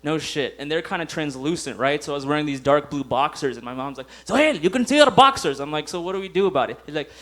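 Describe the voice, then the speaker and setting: Young male stand-up comic, high voice, giggles at his own punchlines, acts out little scenes. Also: quick pace, hardly any pauses, fairly bright tone. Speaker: stand-up comedian. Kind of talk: stand-up comedy set. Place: comedy club stage.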